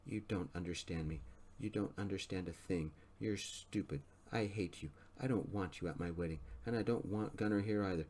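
A man voicing a hysterical young bride who throws a tantrum, in a soft-spoken storybook reading. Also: normal speed. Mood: ranting. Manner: shrill, whiny wailing.

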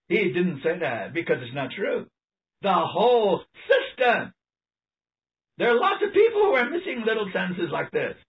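Animated, emphatic male preacher. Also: high voice, creaky. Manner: animated, emphatic, laughing often. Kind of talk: sermon with read-aloud passages. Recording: distant mic, dull lo-fi sound.

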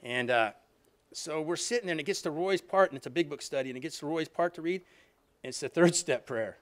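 A man's voice: a little high, a little fast. A middle-aged man telling a personal recovery story to a live audience, chatty and loose, with restarts and a lot of "you know what I mean". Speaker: alumni reunion speaker.

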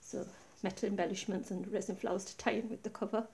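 She talks fast in a soft, mellow, mid-range voice while calmly showing each pocket and flap of a craft project at her table. It's an easygoing, chatty walkthrough, not polished, recorded by a tablet camera set high over the desk.

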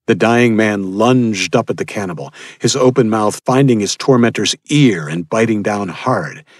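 A man narrating a thriller audiobook in a steady, grim storytelling manner. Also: lowish voice, no echo, clean studio sound. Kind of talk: scripted narration.

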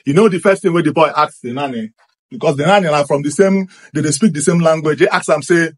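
Nigerian man, husky and fairly high voice, animated first-person storyteller who repeats himself for effect. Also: fast talker. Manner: excited, repetitive, acts out what happened. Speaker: storyteller recounting a personal experience.

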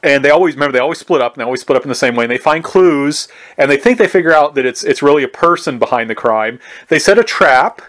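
A man's voice: a little high, lively intonation, fast, fairly bright tone. A man giving a conversational recorded history lecture, often asking "right?" and restarting his sentences. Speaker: history professor.

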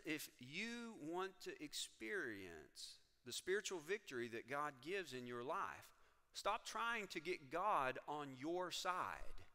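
A man's voice: on the high side, bright, forceful tone. Emphatic male pastor in echoing church. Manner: emphatic and storytelling, with rising energy on key points. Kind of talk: sermon. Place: church sanctuary.

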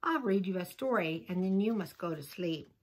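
A woman's voice: on the low side, expressive, normal speed, darkish tone. A woman voicing a patient male rabbit in a storybook, coaxing a little frog to bed.

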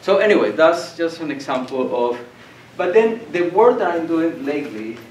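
The speaker is an older man from Colombia, an animated storyteller giving a public lecture, voicing the characters in his tales and laughing along. His voice is a little high at a moderate pace. The hall echoes, the mic is distant, and faint noise is audible.

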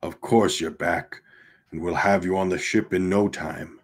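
A man reading aloud and voicing a stern older male sea captain who soothes a frightened woman in gruff, steady words. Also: sits low, measured pace. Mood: soothing.

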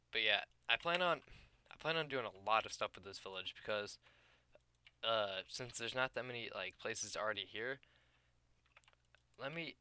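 A man's voice: fairly low pitch, bright, forceful tone, clear, resonant tone. A tired young man giving casual gameplay commentary on his video channel, rambling, losing his train of thought and filling gaps with "uh" and "like". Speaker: gaming YouTuber.

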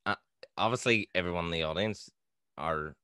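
A man hosting a podcast interview, asking short, relaxed questions. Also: sits low, moderate pace, clear, resonant tone, no echo, studio quality. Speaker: podcast host. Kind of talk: casual interview.

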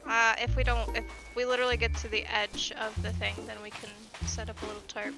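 A woman's voice: fairly high pitch, brisk, soft background music. A woman playing a co-op survival game, cheering on friends and shrieking at scares. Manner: excitable, encouraging. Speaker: gaming co-player. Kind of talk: casual co-op gameplay banter.

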